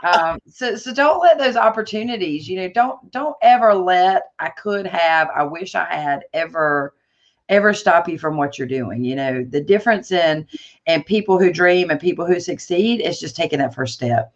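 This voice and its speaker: A woman being interviewed, telling her story in a lively, conversational way with many fillers and restarts. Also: lowish voice, normal speed, lo-fi sound. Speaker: guest entrepreneur.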